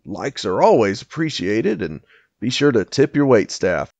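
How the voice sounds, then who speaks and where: Man, channel host, friendly scripted outro, gravelly voice, dry close recording. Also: medium pitch, sing-song, a little slow, darkish tone, dry recording. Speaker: channel host, tavern barkeep persona. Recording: dull lo-fi home mic.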